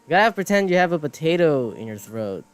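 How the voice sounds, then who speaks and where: A man's voice: on the high side, very animated, quick pace, clear, resonant tone. A man streaming, chatting casually while he draws, rambling and mocking himself, swearing and laughing often. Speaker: streamer and animator. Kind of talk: casual chat while drawing. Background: soft background music.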